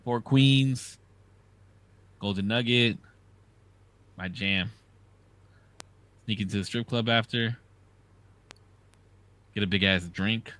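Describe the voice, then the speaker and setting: A man co-hosting a podcast, telling animated, profane stories in casual chat. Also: lowish voice, slow, long pauses. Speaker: podcast co-host.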